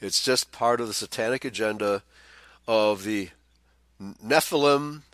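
A man's voice: lowish voice, measured pace, fairly bright tone, no room sound. Sarcastic man reading news with asides. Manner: sarcastic, scornful asides with chuckles; stammers and repeats words.

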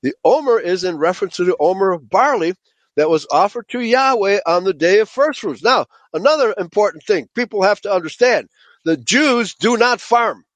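Man, high voice, dry close sound, Bible study lecture, emphatic, keeps asking okay. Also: expressive, moderate pace, no room sound. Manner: emphatic, checks in with frequent "okay?"; addresses listeners as "folks". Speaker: Bible teacher.

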